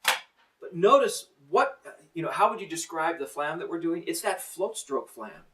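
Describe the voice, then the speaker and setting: A man's voice: a little high, expressive, measured pace, distant mic, very noisy. A middle-aged man teaching a drum lesson, counting in and coaching in a plain-spoken, encouraging way.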